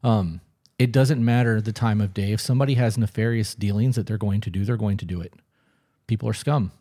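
A man co-hosting a casual podcast in a lowish, warm, mellow voice. He talks bluntly and emphatically and swears often. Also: a little fast. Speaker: podcast co-host.

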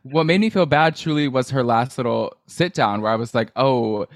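A man's voice: medium pitch, moderate pace, dry recording, studio quality. Blunt, profane man gossiping about reality TV. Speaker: podcast co-host. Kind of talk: casual chat.

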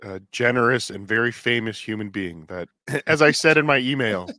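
A man co-hosting a casual livestream podcast, dropping wry, quick remarks and explaining things calmly. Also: mid-range voice, no echo, clean studio sound. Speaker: podcast co-host.

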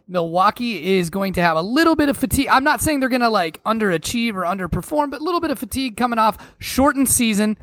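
High-voiced man, casual sports podcast. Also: quick pace, few pauses, no room sound. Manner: animated, laughs easily, swears casually. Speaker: podcast co-host.

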